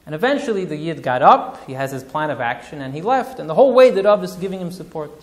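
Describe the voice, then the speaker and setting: A male rabbi recounts a story with drama and feeling, mixing in Yiddish and Hebrew terms. His speaking voice sits somewhat high for a man. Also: sing-song, fast talker. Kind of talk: storytelling talk.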